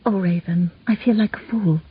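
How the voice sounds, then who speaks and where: A woman's voice: mid-range voice, moderate pace, husky, dry recording. A woman voicing a young noblewoman, earnest and formal in speech, in a slightly muffled recording. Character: young noblewoman, warm and eager bride.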